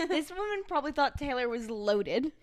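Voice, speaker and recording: A woman co-hosting a casual podcast with a noticeably high voice. She cuts in with quick, teasing remarks while her friend tells a story. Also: big pitch swings, over a noisy crowd. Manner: chimes in with teasing asides. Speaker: podcast co-host. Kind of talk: casual chat.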